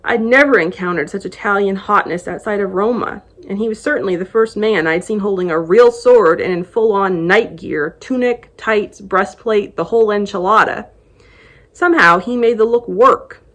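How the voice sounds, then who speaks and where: Book blogger, female, mid-pitched voice, expressive first-person reading of a novel excerpt. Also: moderate pace.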